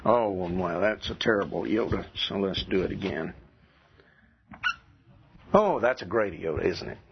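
A Southern American man lecturing a class, deliberately drilling and repeating pronunciations. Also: low voice, expressive, creaky, slight background noise. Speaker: Greek teacher. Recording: dull lo-fi classroom recording.

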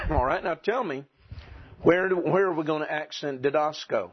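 Slow, husky male teacher lecturing. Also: a little high. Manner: slow, questioning students, clears throat. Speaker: Greek teacher. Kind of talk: classroom lecture. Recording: dull lo-fi classroom recording.

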